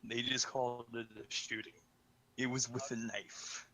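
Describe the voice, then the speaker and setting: A man's voice: mid-range voice, level tone, measured pace, a little hiss or hum, low-quality recording. A man hosting a casual podcast chat, joking darkly and laughing often. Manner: dark-humored, laughs often. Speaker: podcast host.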